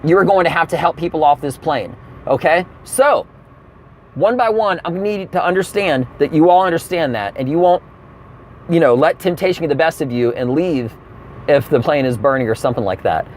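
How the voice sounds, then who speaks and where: A man's voice: on the high side, lively intonation, fairly quick, a little hiss or hum. A man telling a comic rant story, acting out the people he quotes. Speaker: comedian. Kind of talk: comedic rant monologue.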